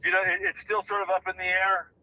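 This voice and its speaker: A man's voice: high-pitched, flat delivery, fast. A man calling in from the desert, out of breath while walking, rambling with many fillers. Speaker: volunteer searcher calling in. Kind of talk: casual phone call. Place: outdoors in the desert. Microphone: phone call. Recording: distant, noisy phone line.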